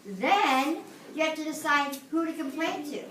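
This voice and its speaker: A woman with a high-sitting voice teaches a classroom lesson at an unhurried pace, patiently questioning her students and walking them through steps. The recording is noisy, with a distant mic in an echoey room.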